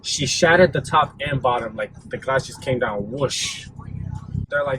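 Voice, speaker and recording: Young male vlogger, relaxed storyteller, loose and rambling, some background noise. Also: medium pitch, normal speed, low-quality recording. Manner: laid-back, rambling with many fillers. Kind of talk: casual storytime vlog.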